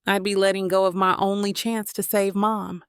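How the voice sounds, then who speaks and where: Guilty younger sister pleading, shaky voice, gravelly edge, dry close sound, read by a woman. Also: medium pitch, level tone, normal speed, no echo, close to an everyday voice.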